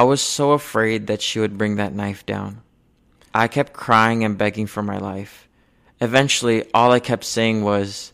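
A young man telling a personal story from his childhood in an earnest, measured way, going quiet on the painful moments. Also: on the low side, steady tone, gravelly. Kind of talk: personal spoken-word storytelling.

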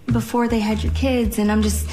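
An actress playing a young pregnant girlfriend who speaks softly and hesitantly, seeking reassurance. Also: on the high side, flat delivery, normal speed, over music, natural voice. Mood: anxious. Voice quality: soft and hesitant.

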